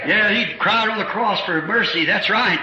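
A male preacher giving an impassioned revival sermon, swinging into shouts and acting out voices from scripture. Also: high-pitched, moderate pace, soft background music. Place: church with congregation. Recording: lo-fi echoey church recording with congregation. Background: congregation responding.

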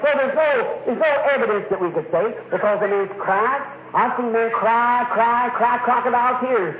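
A man preaching to a congregation in a high, keen voice, folksy and emphatic, pressing his points home with a quick "See?". The sound is thin and tinny like an old tape. It rings with the echo of a big room. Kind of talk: sermon. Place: church.

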